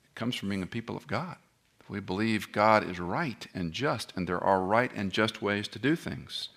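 Bright-voiced preacher man. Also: fairly low pitch, moderate pace. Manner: animated, asks the audience rhetorical questions; joking asides. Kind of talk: expository sermon.

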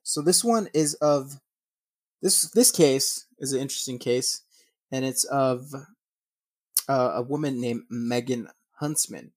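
Taking his time, a man with a medium-pitched voice covers true crime cases by reading news articles and adding crude, blunt remarks. He regularly fumbles names and begins again, recorded with no echo.

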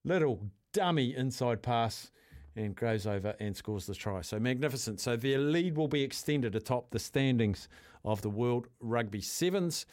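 A man from New Zealand hosting a sports radio show, calling scores and chatting with excitable energy. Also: mid-range voice, normal speed, no room sound, studio quality.

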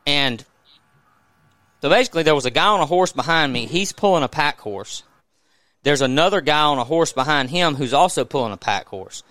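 A man with a Southern US accent, a podcast host telling a story in a casual, animated way, often restarting his sentences. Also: fairly high pitch, normal speed, no room sound.

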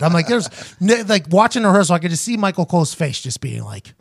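A man hosting a podcast, telling a story in casual chat, quoting others in quick asides. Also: on the high side. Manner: animated, quotes people in quick asides. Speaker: podcast host.

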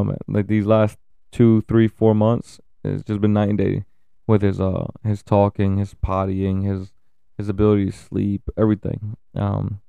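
A man in his thirties talking candidly about his family and kids, swearing often and pausing with fillers. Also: fairly low pitch, creaky, clear, resonant tone, dry recording, narrow, tinny audio. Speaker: father sharing family updates. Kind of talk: casual personal talk to camera.

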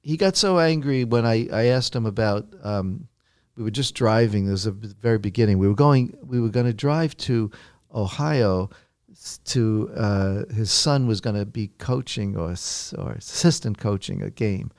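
A man's voice: on the low side, moderate pace, hardly any pauses, dry recording, clean studio sound. A man telling a long story in an interview, rambling with many restarts and acting out what others said. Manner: rambling, many restarts, acts out quotes loudly. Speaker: interview guest recounting a story. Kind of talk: casual anecdote telling.

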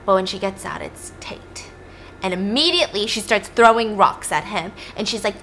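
A woman's voice: mid-range voice, moderate pace, a bit bright, a little hiss or hum. A young woman casually recapping a film plot, chatty and sarcastic, swearing freely.

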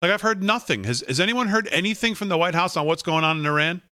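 A man hosting a talk show, firing off sarcastic rhetorical questions in brisk casual commentary. His voice is somewhat high and sharply forceful. The sound is dry and close. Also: lively intonation, no room sound.

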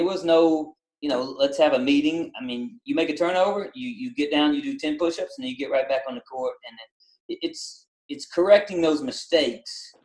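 A middle-aged man with a Southern country accent, a basketball coach and former drill instructor, talking in a casual podcast interview with many halting restarts. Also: on the high side, reverberant, poor audio. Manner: halting, repeats words, many fillers.

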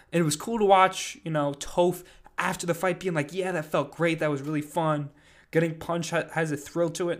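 Rambling higher-voiced guy recapping. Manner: rambling, lots of fillers and "like". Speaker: podcast host recapping an event. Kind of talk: casual recap monologue.

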